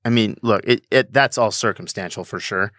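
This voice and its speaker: A man talking as a podcast guest in casual chat. He sounds calm and reflective, hesitant at times. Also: on the low side, normal speed, no echo, clean studio sound. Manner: calm, reflective, hesitant, with many fillers and restarts.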